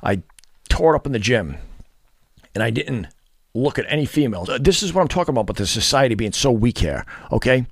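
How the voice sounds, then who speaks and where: A man's voice: mid-range voice, big pitch swings, a little fast, breathy edge, no echo, studio quality. A man ranting bluntly to camera as a fitness and dating vlogger, profane, scornful and lecturing.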